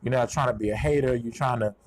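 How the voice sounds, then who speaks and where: A man's voice: mid-range voice, fast, darkish tone. A chatty, self-deprecating man from Houston with a Southern Texas accent, reviewing a TV show outdoors at a golf course on a clip-on shirt mic. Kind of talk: casual video review.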